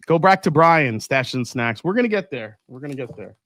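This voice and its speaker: A man's voice: mid-range voice, big pitch swings, brisk, a bit bright. A man hosting a casual live stream, unboxing bottles and answering chat as he thinks aloud with fillers and restarts.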